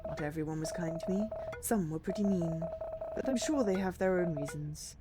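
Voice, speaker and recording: A woman doing a gentle, wistful stray dog. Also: fairly low pitch, normal speed, very noisy, pitched below the performer's own voice, natural voice. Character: lonely stray male dog, gentle and forgiving.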